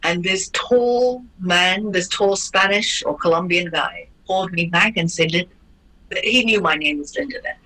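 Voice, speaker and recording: Bright-voiced woman telling a story. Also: on the low side, unhurried, low-quality recording. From Hong Kong. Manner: lively, acts out quoted voices, frequent restarts. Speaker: interview guest, former ballerina. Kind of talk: animated personal storytelling.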